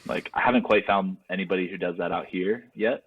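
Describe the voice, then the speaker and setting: A young man from West Virginia, a guest and athlete, chatting casually in an easygoing, unhurried way with plenty of likes. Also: low-pitched, slight background noise. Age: young adult. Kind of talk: casual chat. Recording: phone-like remote call audio.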